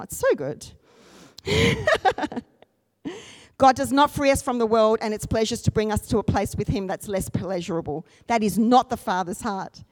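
A woman preaching a sermon, swinging from soft storytelling to loud, high-pitched exhortation. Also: no echo.

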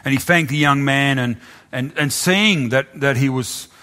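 A man preaching, telling a story in a halting way, often repeating his words. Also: medium pitch, sharp tone. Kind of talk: sermon storytelling.

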